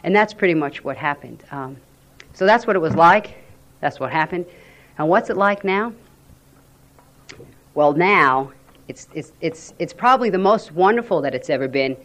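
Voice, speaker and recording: Low-voiced woman telling her story. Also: moderate pace, long pauses. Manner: animated storyteller, acting out quoted voices. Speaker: member sharing at a recovery meeting. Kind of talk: personal recovery testimony.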